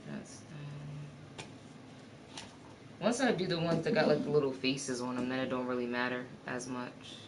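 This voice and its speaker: Laid-back guy mocking a clip, real slow, flat voice, music blasting behind. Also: medium pitch, noisy background. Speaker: streamer reacting to a clip. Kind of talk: casual reaction chat. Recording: loud music playing behind.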